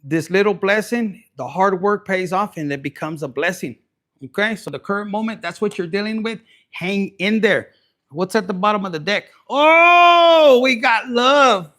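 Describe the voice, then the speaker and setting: A man's voice: high voice, a bit bright. Crude, joking man reading tarot. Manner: crude, joking, mixes in Spanish slang. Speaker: tarot reader.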